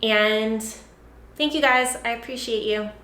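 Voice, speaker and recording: A woman's voice: on the high side, measured pace, pushed and bright, roomy sound, slight background noise. A woman fitness coach talking casually to her viewers, encouraging and repetitive, often tagging sentences with "right?". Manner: encouraging, repeats herself with lots of "right?" and "like". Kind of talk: casual direct-to-camera vlog.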